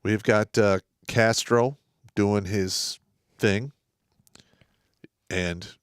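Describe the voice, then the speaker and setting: A man's voice: fairly low pitch, a little slow, pauses often, no echo, clean studio sound. A man co-hosting a podcast, rambling and swearing freely in casual political chat. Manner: profane, rambling, loud when excited. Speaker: podcast co-host.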